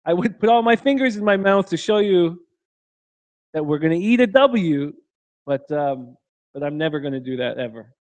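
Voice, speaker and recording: A man with a fairly high voice hosts a late-night betting stream and reads out the chat. He jokes crudely and laughs often. The sound is dry and close, with no room echo. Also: lively intonation, moderate pace, darkish tone. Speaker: sports betting show host. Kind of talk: live-stream chat reading. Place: hotel room.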